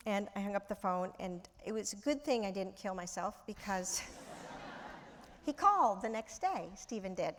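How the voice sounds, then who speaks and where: A woman, an actress, telling a lively anecdote in conversation, laughing often and repeating words as she talks. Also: medium pitch, normal speed. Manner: animated, laughing storyteller who repeats words.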